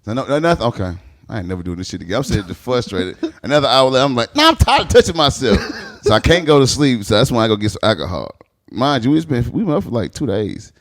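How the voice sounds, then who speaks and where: A man's voice: mid-range voice, quick pace. A man who is a stand-up comedian, guest on a podcast, telling crude stories with plenty of laughter and acted-out quotes. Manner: animated, acts out quoted lines, laughs often.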